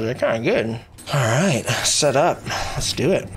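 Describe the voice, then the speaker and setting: A man streaming a video game live, talking excitedly and mockingly at himself with his mouth stuffed with marshmallows. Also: mid-range voice, moderate pace, a little hiss or hum. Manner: muffled speech with marshmallows in mouth. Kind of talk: live gameplay commentary.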